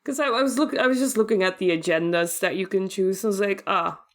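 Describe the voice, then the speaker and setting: A woman's voice: mid-range voice, lively intonation, fast. A woman co-hosting a podcast in casual chat, thinking aloud as she reads, with dry humor. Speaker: podcast co-host and episode editor. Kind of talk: casual chat about tabletop games.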